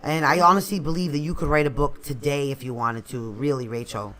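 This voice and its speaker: A woman's voice: a bass voice, fairly quick, fairly bright tone. A woman co-hosting a casual live stream chat, effusive and full of compliments.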